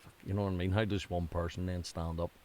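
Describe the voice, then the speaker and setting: A man's voice: sits low, fast. A man with a Northern Irish accent hosting a casual chat, telling stories with lots of swearing. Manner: swearing, lively storytelling with put-on quotes. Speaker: podcast host.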